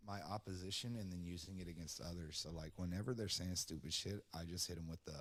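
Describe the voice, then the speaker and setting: A man with a somewhat low voice trades casual, brash banter. He swears freely and talks with easy swagger. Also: quick pace, fairly bright tone. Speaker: show guest. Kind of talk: casual chat.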